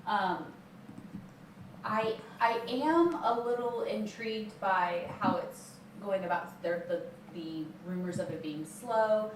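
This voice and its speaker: A woman's voice: medium pitch, slow pace. A woman co-host in a casual chat, giving her opinions in a chatty way. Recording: roomy, distant mic with background noise.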